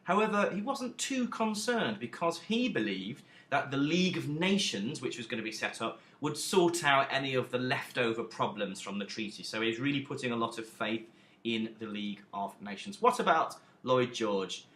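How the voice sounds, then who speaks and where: A man teaching a recorded history lesson, emphatic and lively, with self-deprecating asides. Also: mid-range voice, normal speed, roomy sound.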